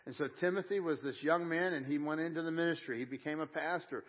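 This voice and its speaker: A pastor delivers a conversational sermon at a live church service. His slightly high male voice drops low and slow for tender points, then lifts with excitement. The recording sounds a little muffled and lo-fi. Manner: conversational preaching, swings from hushed to excited.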